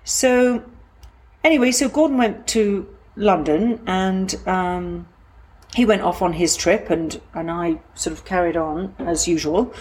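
A middle-aged woman telling a personal story from her own life, in a halting, reflective way with frequent restarts. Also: fairly low pitch, darkish tone, slight background noise.

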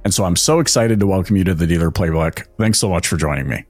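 A man's voice: sits low, fast talker, darkish tone, faint music behind. A man from Canada with a Canadian accent, hosting a podcast interview, enthusiastic and restarting his questions. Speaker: podcast host. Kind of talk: casual interview.

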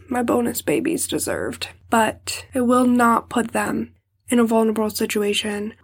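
A young woman hosting a personal podcast, speaking emotionally and pausing often to hold back tears, sometimes dropping to a soft whisper. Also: fairly high pitch, breathy edge. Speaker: podcast host.

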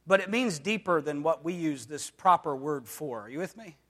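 A man's voice: on the high side, expressive, normal speed, a bit bright. A man preaching a sermon with emphatic delivery, often asking the congregation whether they follow him and acting out voices in bursts. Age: adult. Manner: emphatic, with call-and-response questions to the congregation; acts out quoted voices in dramatic bursts. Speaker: pastor. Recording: reverberant hall.

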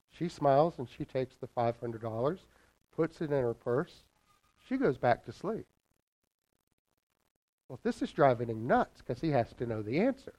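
A man preaching a morning lesson as a minister, telling a parable with expressive shifts in loudness for emphasis. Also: on the high side, highs cut off. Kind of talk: sermon with a told parable.

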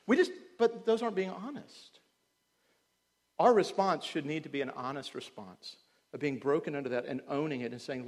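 A male pastor preaching a sermon in earnest, dropping to quiet tones and then rising loud, often putting questions to the congregation. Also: mid-range voice, animated, brisk. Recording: long hall reverb.

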